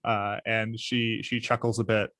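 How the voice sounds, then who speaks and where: A man's voice: fairly low pitch, level tone, measured pace, fairly bright tone, no room sound, studio quality. A man playing a tabletop game, thoughtfully describing his character's actions with frequent fillers. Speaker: player.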